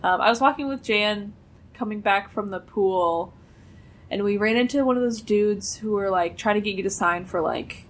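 Chatty young woman, deadpan teasing. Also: medium pitch, normal speed. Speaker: podcast co-host. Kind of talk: casual chat.

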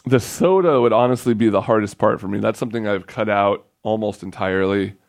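A man's voice: fairly low pitch, fairly quick, dry recording, clean studio sound. A young man hosting a casual podcast, rambling and joking about himself. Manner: rambling, joking, self-mocking. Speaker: podcast host. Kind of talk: casual solo podcast chat.

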